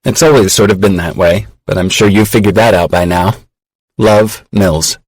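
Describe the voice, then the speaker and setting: A candid, wry woman professor in her thirties pours out confessional, self-mocking messages, voiced by a man. The voice sits low and dry, with no room around it. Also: moderate pace, no room sound, natural voice, poor audio. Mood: wry, confiding.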